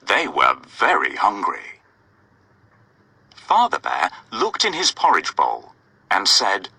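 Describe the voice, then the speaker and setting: Male narrator for a bedtime fairy tale: slow, lively delivery with a slightly husky voice. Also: low voice, no room sound, low-quality recording. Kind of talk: scripted bedtime-story narration.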